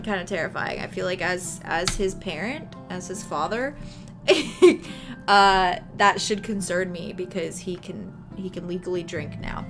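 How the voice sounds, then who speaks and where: A woman's voice: mid-range voice, a bit bright. A woman livestreaming from home in a casual, giggly chat, greeting viewers by name. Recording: background music under voice.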